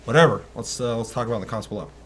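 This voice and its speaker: A young man co-hosting a casual gaming news chat, loose and excitable, swearing casually. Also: mid-range voice, very fast, slight background noise. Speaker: co-host.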